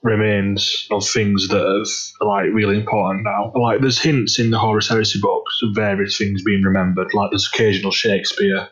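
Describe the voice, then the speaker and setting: A man's voice: on the low side, flat delivery, normal speed, hardly any pauses, a bit bright, husky. A man in casual podcast chat, explaining lore with lots of fillers, on a dull lo-fi mic. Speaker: podcast guest.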